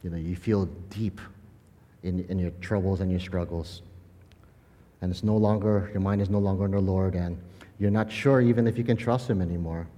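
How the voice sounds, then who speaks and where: Pastor telling a story in a hall. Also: male voice, sits low, moderate pace. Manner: animated storytelling, laughing often, then quiet and earnest. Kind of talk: sermon with personal story.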